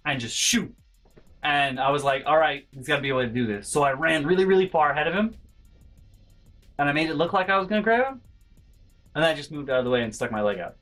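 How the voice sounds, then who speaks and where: A young man telling a story about his school days in a casual, animated way, dropping to low mutters and jumping to sudden high yelps. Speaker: storytelling vlogger. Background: faint background music.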